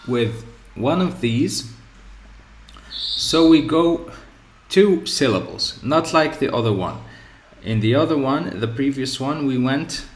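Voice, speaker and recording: A man teaching English word stress in a slow, repetitive lesson, often pausing with "okay" and "so". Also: medium pitch. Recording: echoey room with faint ambient noise.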